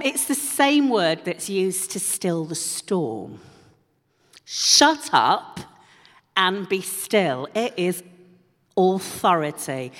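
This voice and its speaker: A woman preaching a sermon in a church, with humorous conversational asides. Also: fairly low pitch. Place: church hall. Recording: long hall reverb.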